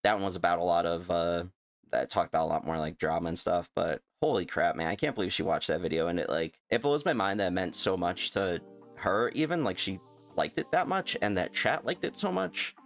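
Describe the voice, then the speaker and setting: A man's voice: low-pitched, lively intonation, brisk, no echo, soft background music. A young man vlogging his reaction in a rambling, stuttering way, laughing at himself. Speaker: YouTuber reacting to a clip. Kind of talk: casual reaction vlog.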